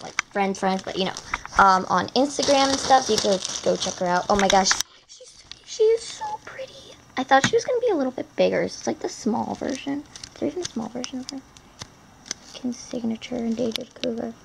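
A teenage girl vlogging an unboxing in an excitable, gushing, rambling way. Her voice has a gravelly, fry-heavy edge at a middling pitch. The home recording carries clear background noise and handling clicks. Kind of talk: casual unboxing chat.

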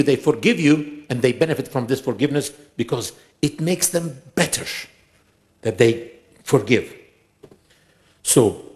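Delivering an emphatic sermon in a mosque, this man poses rhetorical questions and recites scripture in rapid bursts. His pitch is fairly high and a bit mellow.

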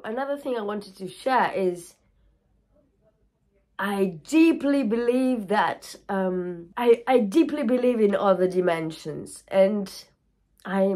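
A woman yoga teacher speaking to camera in a candid personal video. She is emotional and openly tearful at times, and she jumps between thoughts, swearing freely. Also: medium pitch. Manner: scattered, frank, swears freely.

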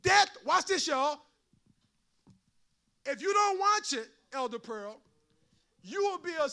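A man delivering a sermon in a very high, gravelly voice. He preaches in a sing-song rhythm, rising to shouts and dropping to soft, joking asides. He is folksy and funny with his congregation. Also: big pitch swings, slow pace, long pauses. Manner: preaching in a sing-song cadence that swings between shouted peaks and quiet asides; folksy and humorous. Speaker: pastor.

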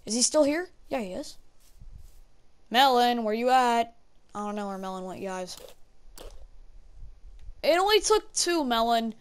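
A woman's voice: a little high, expressive, measured pace, pauses often, smooth. A woman giving casual gameplay commentary. She chats to her in-game pets and exclaims often. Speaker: gaming video creator.

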